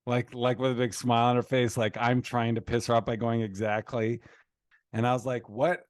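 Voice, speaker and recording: A man in his thirties tells a family story on a podcast, jumping into raised, higher voices when he quotes people. His voice sits in an ordinary middle range. The recording is close and dry, with no room around it. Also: little pitch movement, brisk, dry recording. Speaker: podcast co-host. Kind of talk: casual storytelling chat.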